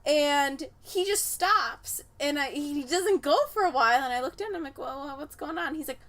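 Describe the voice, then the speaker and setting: A young woman co-hosting a casual podcast chat, telling stories and acting out quotes with big jumps in pitch. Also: moderate pace, fairly bright tone. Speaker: podcast co-host.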